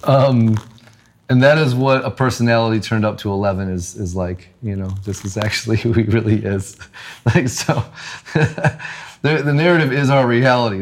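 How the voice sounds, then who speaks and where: A man's voice: lowish voice, slight background noise. A man hosting a podcast in casual chat, laughing often and filling with ums. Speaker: podcast host.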